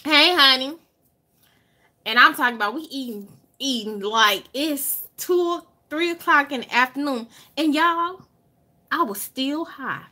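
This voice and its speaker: A woman with a Southern US accent, a vlogger telling a story to her viewers in an animated way, drawing out words for emphasis and swearing freely. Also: sits high, unhurried. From Alabama.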